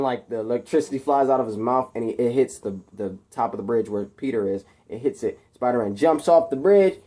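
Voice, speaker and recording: A man's voice: mid-range voice, mellow. A man telling a superhero story off the cuff, rambling with many fillers and restarts, throwing in his own sound effects. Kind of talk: improvised spoken fan story.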